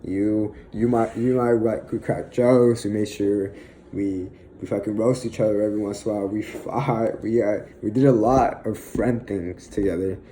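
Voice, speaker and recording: Young man, low dark voice, halting. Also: fairly even intonation, a little hiss or hum, low-quality recording. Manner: halting, with frequent fillers and sighs. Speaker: vlogger. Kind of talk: emotional personal monologue.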